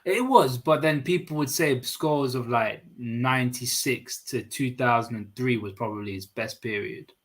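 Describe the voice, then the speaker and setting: A man's voice: medium pitch, normal speed, few pauses, fairly bright tone. A man arguing about football on a video call, insistent and repeating himself to press his point. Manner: argumentative, repeats himself when making a point. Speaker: host. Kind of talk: casual football chat.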